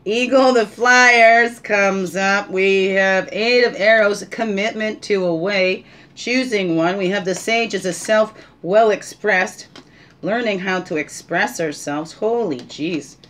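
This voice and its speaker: A woman's voice: medium pitch, takes it slowly, a bit bright. A woman hosting a spiritual guidance session at home, reading oracle cards in a meandering, reflective way and often asking the listener questions. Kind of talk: casual oracle card reading.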